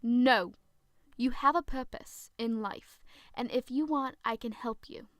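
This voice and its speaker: A woman voicing a calm young female protector who carries swords, speaking plainly and unhurried. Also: on the high side, no room sound, studio quality, lightly acted. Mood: firm.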